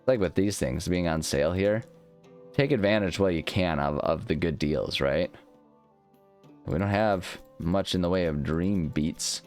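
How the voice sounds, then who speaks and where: A man's voice: low-pitched, a little slow, darkish tone, soft background music. A man hosting a let's play, commenting in a jokey, rambling, self-mocking way. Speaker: gaming channel host.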